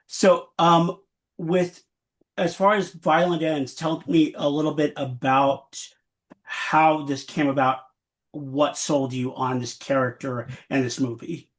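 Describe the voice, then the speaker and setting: A man hosting a podcast interview, reacting with slow, warm responses and asking questions. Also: on the high side, steady tone. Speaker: podcast host.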